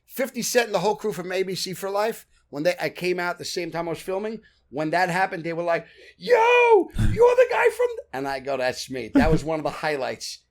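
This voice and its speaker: A man's voice: fairly high pitch, fast, hardly any pauses. A man with a Brooklyn accent, a guest actor telling blunt, profane stories and acting out the scenes. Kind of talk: animated storytelling.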